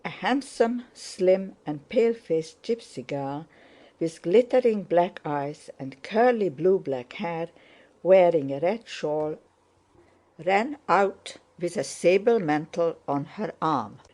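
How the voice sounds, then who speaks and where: Slow, low-voiced woman narrator. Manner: steady, measured reading. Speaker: audiobook narrator. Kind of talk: scripted narration.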